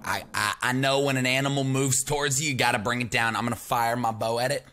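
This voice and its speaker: A man playing a tabletop game over a call, excitable and casually swearing. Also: medium pitch, quick pace, slight background noise. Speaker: player.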